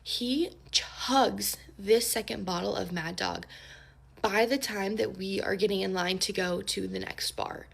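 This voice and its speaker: A woman's voice: medium pitch, unhurried, vocal fry, breathy edge. A young woman telling a casual storytime, chatty and full of "like" fillers. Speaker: storytelling creator.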